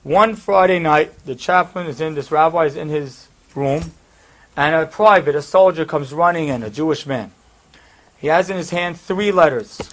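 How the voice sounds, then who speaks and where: High-voiced man telling a sermon story. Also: normal speed, fairly bright tone. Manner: conversational, with fillers and asides.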